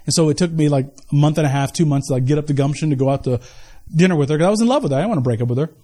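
A middle-aged male pastor preaching a sermon in a lively, conversational way, full of asides and quick retold scenes. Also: a little high.

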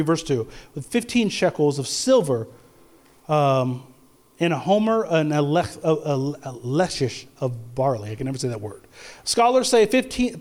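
High-voiced man preaching conversationally. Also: darkish tone. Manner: conversational preaching, rising to emphatic peaks. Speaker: pastor. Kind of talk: sermon.

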